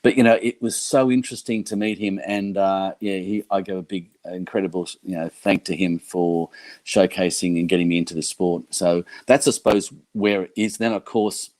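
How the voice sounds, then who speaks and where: Man, 60s, very low deep voice, dry close sound, rambling livestream host. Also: fairly even intonation, moderate pace, a little mellow, no echo. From Australia. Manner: rambling, many fillers and restarts. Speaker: YouTube creator and electric skateboard rider. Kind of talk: casual livestream chat.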